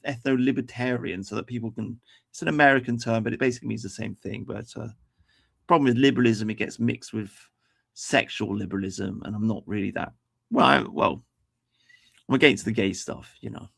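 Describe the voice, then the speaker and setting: A man's voice: mid-range voice, a little fast, gravelly, a bit bright, breathy edge. A man hosting a livestream, talking in a rambling, profane way with lots of restarts. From England. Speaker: livestream host. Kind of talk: casual livestream commentary.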